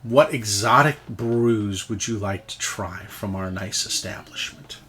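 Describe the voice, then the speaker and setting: A man's voice: on the low side, unhurried, pitched below the performer's own voice, lightly acted. A man doing a sugary female demon barkeep in a tabletop game. She fusses over every customer and calls them all dearie. Her manner is hospitable, with a fiendish edge under the charm. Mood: coaxing. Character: sweet-talking female demon bartender.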